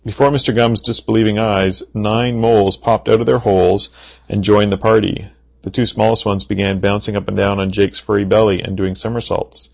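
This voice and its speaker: A man reading a children's story aloud, with playful deadpan asides. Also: fairly low pitch, moderate pace, vocal fry. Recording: dull lo-fi recording.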